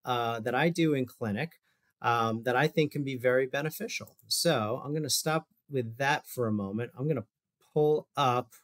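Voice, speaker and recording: A man's voice: mid-range voice, moderate pace, a bit bright. Chatty man presenting running tests. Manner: loose and conversational, with fillers and asides. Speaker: physical therapist. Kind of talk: casual presentation over shared screen.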